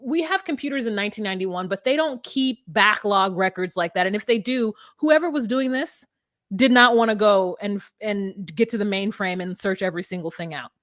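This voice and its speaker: A woman hosting a podcast, retelling a story from her notes in an animated, profane way and correcting herself as she goes. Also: mid-range voice, fairly quick, no echo. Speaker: podcast host reading from notes. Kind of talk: casual storytelling chat.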